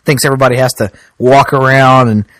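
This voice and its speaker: A man co-hosting a podcast in casual chat, with a dry, deadpan, grumbling manner. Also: mid-range voice, quick pace, no echo. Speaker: podcast co-host.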